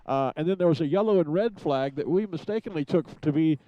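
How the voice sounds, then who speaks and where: Guy doing live event commentary up on a rooftop, mellow voice, kinda dull dry audio, lots of uhs. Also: on the high side, expressive, fairly quick, no echo. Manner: chatty, hesitant with many fillers. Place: rooftop studio.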